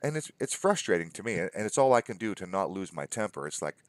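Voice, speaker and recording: A man's voice: low-pitched, very animated, fast talker, few pauses, no room sound. A man telling stories in a casual conversation, acting out the other people in them with exasperation. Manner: storytelling, quoting others in mock dialogue, exasperated.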